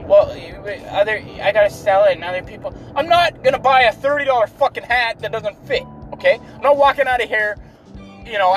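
A man's voice: high voice, a bit bright. A man telling a story in an exasperated, profane rant, swearing constantly as he complains. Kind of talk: ranting story.

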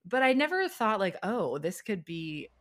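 A young adult woman, an impressionist, talking casually in an interview with lots of fillers and quick jumps into quoted voices. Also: medium pitch. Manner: chatty, many "like" fillers, lively swings into quoted voices. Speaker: impressionist and video creator.

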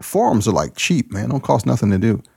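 A man who preaches, hosting his own podcast in a casual solo monologue, talking in a folksy, joking and excitable way. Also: medium pitch, a little fast, creaky, slightly rough.

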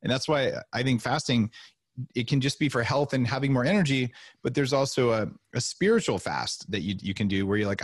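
A middle-aged man telling stories as a podcast guest, lively and acting out the voices of the people he quotes. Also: medium pitch, brisk, dry recording, clean studio sound. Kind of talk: animated storytelling interview.

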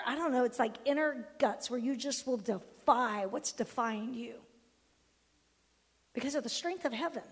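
High-voiced woman pastor preaching. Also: moderate pace, slightly rough. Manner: conversational, emphatic preaching. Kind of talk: sermon. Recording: long hall reverb.

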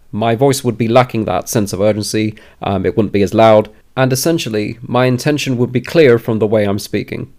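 A man's voice: mid-range voice, a little mellow. A man who is an experienced teacher giving direct advice to new teachers. He speaks emphatically and often restates his key points. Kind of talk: direct advice talk to camera.

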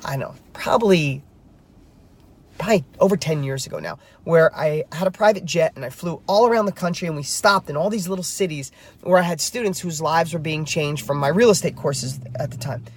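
A man's voice: high voice, slightly rough. A middle-aged man, a real estate coach, telling a story to camera while driving, emphatic and fired up.

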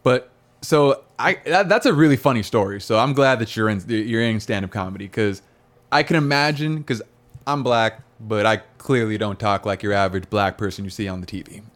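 A man's voice: on the low side, normal speed. A man hosting a casual chat, asking a guest questions in a laid-back way, laughing often and swearing now and then. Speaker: podcast host.

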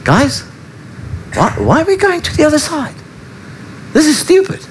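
A man's voice: very high voice, wildly swooping pitch, moderate pace, slight background noise, pitched above the performer's own voice, heavily acted. A preacher voicing a group of anxious male disciples who grumble about their trip. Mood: worried. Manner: complaining, fearful.

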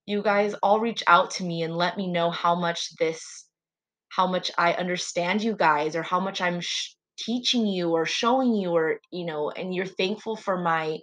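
A woman talks alone on her faith podcast in a slightly low voice. She speaks earnestly and prayerfully, heartfelt and sincere, as she addresses her listeners. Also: moderate pace, a bit bright, low-quality recording. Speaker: podcast host. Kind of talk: solo faith podcast monologue.

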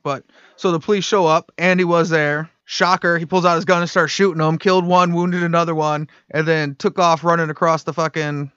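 A man's voice: fairly high pitch, flat delivery, brisk, few pauses, fairly bright tone, clean tone, no echo, highs cut off. A man casually telling a crime story on a podcast, rambling, swearing and laughing at his own slips.

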